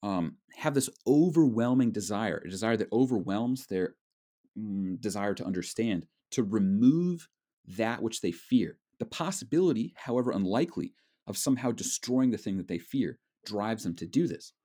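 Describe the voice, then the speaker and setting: Male lecturer, lowish voice, measured explanatory delivery with ums and uhs. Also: lively intonation, warm tone. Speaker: literature lecturer. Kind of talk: recorded lecture.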